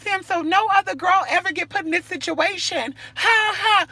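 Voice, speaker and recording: A brash woman vents to her phone camera while she waits outdoors at a bus stop. Her voice is bright and pointed, and she swears freely with a sassy, cutting edge. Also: extremely high pitch, fairly quick, few pauses, no room sound. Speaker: vlogger. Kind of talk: casual rant to camera.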